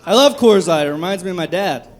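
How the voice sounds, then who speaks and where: High-voiced man doing stand-up comedy. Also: expressive, fast talker. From Texas. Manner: profane, dark, self-mocking jokes. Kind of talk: live stand-up set. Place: comedy club stage. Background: audience laughter.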